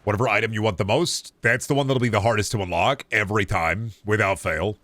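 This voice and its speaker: A man's voice: fairly low pitch, fast, a bit bright, no room sound. A man streaming a video game, chatting casually with viewers, joking, rambling and swearing now and then. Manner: answers chat questions while playing.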